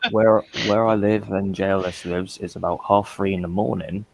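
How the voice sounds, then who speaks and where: A man's voice: low-pitched, fairly even intonation, normal speed, vocal fry. A man in a casual group voice chat, trading crude, teasing banter.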